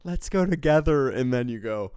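A man's voice: mid-range voice, animated, darkish tone, clear, resonant tone, dry recording, studio quality. A young adult man in casual podcast chat, teasing his co-host and laughing often. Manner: teasing, laughing, short quick reactions.

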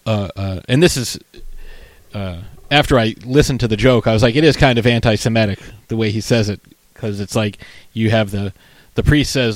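A man co-hosting a casual chat about a film. He rambles, restarts, and scatters "like" through animated retellings of scenes. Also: fairly low pitch, brisk, no room sound.

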